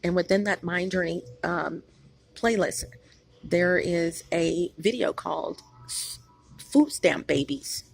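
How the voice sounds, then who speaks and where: Gravelly husky woman rambling on camera. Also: on the low side, takes it slowly. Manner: rambling, emphatic, frequent restarts. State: tired after staying up all night. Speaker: channel host. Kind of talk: casual vlog monologue.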